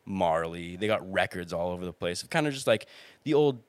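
A man's voice: sits low, brisk, clear, resonant tone, dry recording. A young man, a campus EMT, telling a story casually with lots of laughter and acted-out quotes. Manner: animated storyteller, acts out quotes, laughs often. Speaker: campus EMT and podcast guest.

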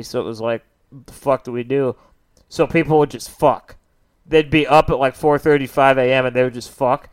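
A man's voice: medium pitch, clear, resonant tone. A young man co-hosting a casual podcast chat, telling rambling, profane stories. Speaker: podcast co-host.

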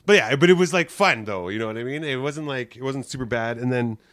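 A man's voice: mid-range voice, quick pace. A male comedian tells an anecdote in an easygoing, loose way. He laughs a lot, trips over his words and piles on fillers, and he slips into other people's voices for the quotes. The recording is close and dry, with no room echo. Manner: animated, laughs often while telling an anecdote; rambling with many restarts and "like" fillers. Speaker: stand-up comedian. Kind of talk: casual storytelling chat.

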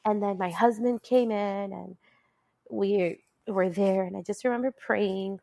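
A woman's voice: medium pitch, slow pace, vocal fry, no room sound. A woman talking as a guest in a casual conversation, telling a personal story in a chatty way and laughing often. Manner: chatty, laughs often, rises into animated quoting.

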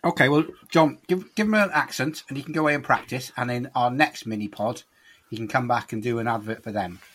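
A man's voice: medium pitch, fairly quick, fairly bright tone. A man hosting a podcast, teasing and steering a casual chat. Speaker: podcast host.

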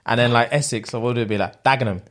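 A man's voice: mid-range voice, steady tone, rapid-fire, fairly bright tone. A man co-hosting a podcast in casual chat, laughing often and playfully trying out accents. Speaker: podcast co-host.

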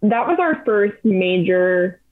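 A young adult woman guesting on a podcast, telling travel stories in an animated, chatty way with plenty of fillers. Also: medium pitch, slow pace. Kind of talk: casual storytelling chat. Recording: tinny phone-like sound.

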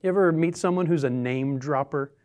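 A man preaching a sermon, reading scripture and telling jokes in an animated, dramatic way. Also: on the high side, fairly quick. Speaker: pastor.

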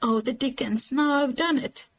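A woman's voice: high-pitched, moderate pace, low-quality recording. A woman reading aloud as Laurie, a mischievous, proud young man, in a teasing manner. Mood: playful.

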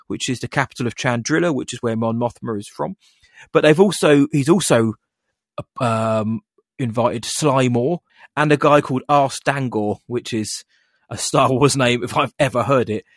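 A man's voice: mid-range voice, normal speed, dry recording, clean studio sound. A man, co-hosting a casual fan podcast and recapping scenes in a chatty way, mocking the characters in put-on voices. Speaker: podcast co-host.

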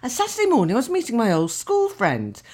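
An older woman co-hosts a casual podcast chat. She tells her stories with lots of laughter and acts out her own thoughts. Her pitch rises and falls in a lively way. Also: fast talker, husky. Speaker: podcast co-host.

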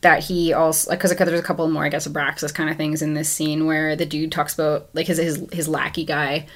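A woman in casual conversation about a film, talking in a chatty, filler-heavy way and chiming in with quick agreement. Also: low-pitched, level tone.

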